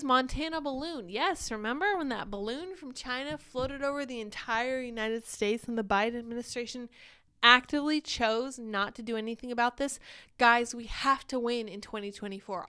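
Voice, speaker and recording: A chatty young woman hosts a live stream, talking casually and reading out viewer comments. Her voice sits a bit high and comes through smooth and clean. She sounds slightly short of breath. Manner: chatty, animated, reads viewer comments aloud. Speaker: livestream show host.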